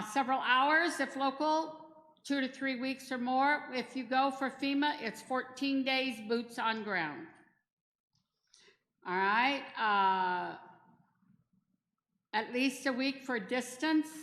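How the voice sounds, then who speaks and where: A woman's voice: high-pitched, slow pace, pauses often, fairly bright tone. A middle-aged woman giving a chatty, practical training talk in a church hall, mixing in personal stories. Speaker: disaster response trainer. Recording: echoey hall with long reverb.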